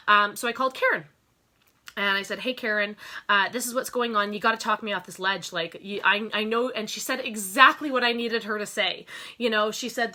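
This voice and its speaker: Bright-voiced woman vlogging candidly. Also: medium pitch. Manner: candid, earnest, emotional, fillers and restarts. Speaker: network marketing vlogger. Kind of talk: casual talk to camera.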